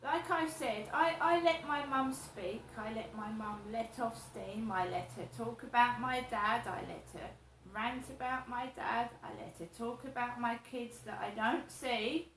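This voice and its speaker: A middle-aged woman talks slowly and at length, circling back over the same grievances. Her voice sits fairly high and carries a roomy echo. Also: a bit bright, slight background noise. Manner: slow, repetitive, aggrieved storytelling. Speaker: vlogger. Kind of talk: personal monologue.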